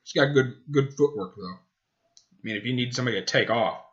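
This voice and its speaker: A man's voice: mid-range voice, a little fast, fairly bright tone, lo-fi sound. A man hosting a casual sports podcast, rambling and correcting himself as he goes. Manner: rambling, self-correcting, talks to his dog. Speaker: podcast host.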